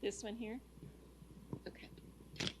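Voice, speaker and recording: A woman's voice: normal speed, in a whisper. A woman hosting a church gathering in an easygoing way, calling up speakers and sorting out the microphone. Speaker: host. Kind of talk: casual chat.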